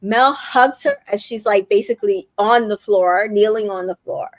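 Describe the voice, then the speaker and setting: A woman's voice: medium pitch, moderate pace, no echo. A woman hosting a casual recap chat, retelling scenes with lots of swearing and filler words. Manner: retells scenes quoting people, swears freely, many fillers. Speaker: recap podcast host.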